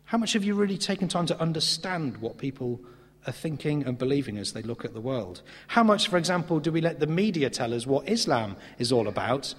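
A man preaching a sermon in a church, earnest and emphatic, with slow pauses for stress. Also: on the high side, expressive, husky. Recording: reverberant hall.

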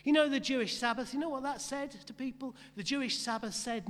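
A man delivers a sermon in a notably high voice, driving his points home with repeated phrases and questions put to the congregation. His words ring out with a long reverb, as if heard in a church hall. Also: fairly quick, few pauses, a bit bright. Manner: rhetorical, repetitive emphasis, asks the congregation questions. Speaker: pastor.

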